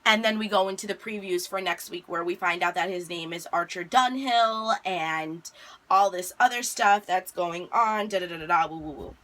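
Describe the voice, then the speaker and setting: A young woman chatting casually as she recaps a TV episode, retelling scenes with lively asides and mild exasperation. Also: on the low side, fairly quick, hardly any pauses.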